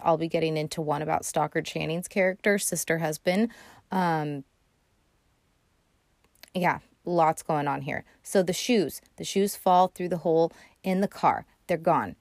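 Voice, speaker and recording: A woman's voice: lowish voice, a little mellow, dry recording, clean studio sound. A woman hosting a podcast, casually recapping a movie in a chatty, sarcastic way with lots of swearing and fillers. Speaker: podcast host.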